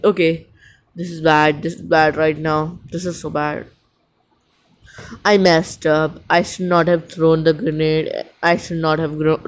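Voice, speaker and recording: A man's voice: a little high, measured pace. Young Indian-accented guy narrating his own game, jumpy and self-talking, faint hiss behind. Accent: Indian English. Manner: excitable, panicky, talks to himself nonstop. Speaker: mobile gaming YouTuber. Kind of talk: live gameplay commentary.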